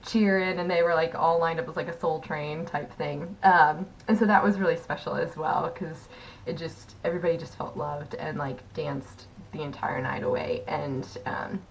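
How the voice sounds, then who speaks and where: Low-voiced chatty young woman. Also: steady tone, normal speed, gravelly, a little hiss or hum, rough recording. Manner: chatty, laughs often, many fillers. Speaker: former theater company member. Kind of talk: casual storytelling.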